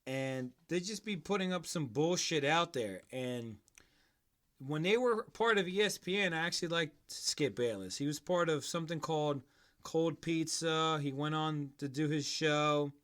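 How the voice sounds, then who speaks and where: A sports podcast host who talks high in his range. His tone is bright and cutting, and he goes off on profane, mocking tangents in casual chat. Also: moderate pace.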